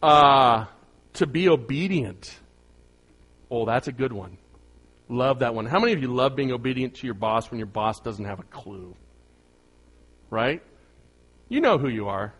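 A man's voice: medium pitch, expressive, a little slow, long pauses, fairly bright tone. A middle-aged man preaching a conversational sermon, joking with the congregation and rising to emphatic bursts. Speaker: pastor.

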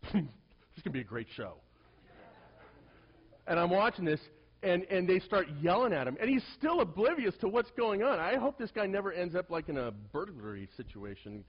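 A male pastor preaching to a congregation and telling personal stories, swinging from hushed asides to loud, animated bursts. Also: mid-range voice, breathy edge, dull audio. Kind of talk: sermon with personal storytelling.

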